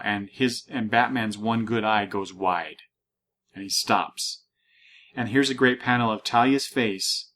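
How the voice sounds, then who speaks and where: A man's voice: fairly low pitch, a bit bright. A man hosting a casual podcast, talking through a comic book with many restarts and fillers, reading panels aloud. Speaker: podcast host.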